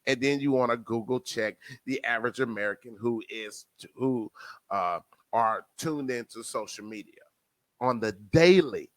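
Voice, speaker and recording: A man with a New Jersey accent hosting a casual podcast, addressing listeners as family and swinging between loud and soft. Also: medium pitch, moderate pace, no room sound. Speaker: podcast host.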